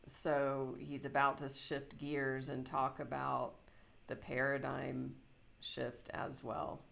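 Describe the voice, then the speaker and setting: A woman hosting a discussion, speaking calmly and in a measured way between clips. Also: very deep voice, creaky. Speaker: discussion host. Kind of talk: casual commentary between clips.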